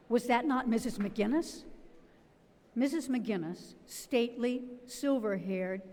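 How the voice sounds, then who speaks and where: A woman reading a novel aloud at a public literary event, with a measured, expressive delivery. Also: on the high side. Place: event hall. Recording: long hall reverb.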